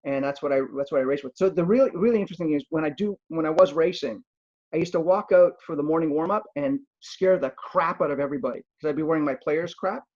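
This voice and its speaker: A man with a notably high-pitched voice spins anecdotes in an animated, chatty way, with quick asides. The audio is dull and lo-fi. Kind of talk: casual conversation.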